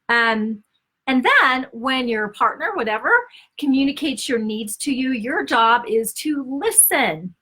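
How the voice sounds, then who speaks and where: Woman speaker, bright and a little high-pitched, conversational relationship teaching with frequent check-ins. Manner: acts out quoted dialogue with shifts in tone. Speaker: Christian speaker and author.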